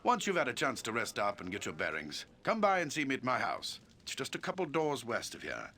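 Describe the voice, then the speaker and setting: A stern town leader. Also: male voice, mid-range voice, huge pitch swings, sharp tone, heavily acted. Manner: formal, commanding, measured. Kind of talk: game voice acting.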